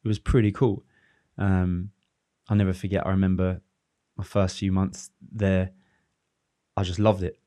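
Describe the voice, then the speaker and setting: Low flat-voiced man, thoughtful podcast guest. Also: unhurried, no echo, studio quality. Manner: reflective, rambling with restarts and fillers. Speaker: former professional footballer, guest. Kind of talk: casual podcast conversation.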